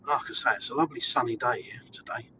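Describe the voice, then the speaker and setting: In this noisy in-car recording, a vlogger from England chats upbeat and casually with his live-stream audience as he drives, answering questions with frequent ums. His medium-pitched voice stays steady, and he talks fast.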